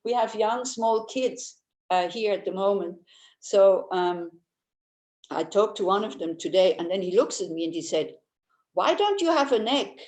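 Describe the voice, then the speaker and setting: Older female Buddhist teacher, mid-pitched, humorous, chatty storyteller, echoey room. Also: normal speed. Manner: chatty and anecdotal, with frequent restarts; warmly humorous, laughs easily. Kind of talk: informal Dharma teaching. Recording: roomy echo.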